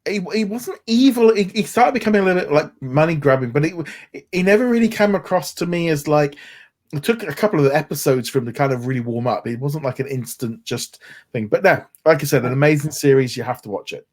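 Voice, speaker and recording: A man's voice: on the high side, animated, fast, darkish tone. A man co-hosting a podcast, chatting casually and enthusiastically with many restarts and fillers. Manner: enthusiastic, rambling with frequent restarts. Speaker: podcast co-host.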